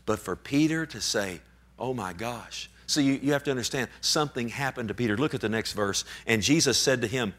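A man's voice: medium pitch, fast talker, few pauses, a bit bright. Male pastor, emphatic sermon, swells and drops in volume. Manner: emphatic preaching, rising and dropping in volume.

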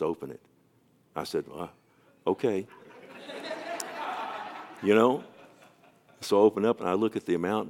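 A man's voice sits low as he preaches a sermon and tells a story as a pastor. He repeatedly softens to a near-whisper and stammers through restarts.

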